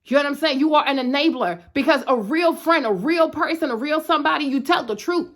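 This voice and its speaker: A woman's voice: high-pitched, fast talker, a bit bright. A woman in her thirties talking straight to her viewers in a blunt, emphatic way, often asking "you know what I'm saying". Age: 30s. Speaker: vlogger. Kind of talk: direct-to-camera talk.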